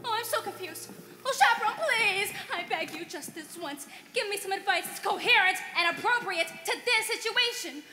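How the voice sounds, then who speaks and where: A woman's voice: extremely high pitch, animated, normal speed, sharp tone, full character voice. A teenage actress on a school stage playing a theatrical young showgirl bride. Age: teens. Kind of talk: stage musical acting. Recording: echoey theatre hall with music.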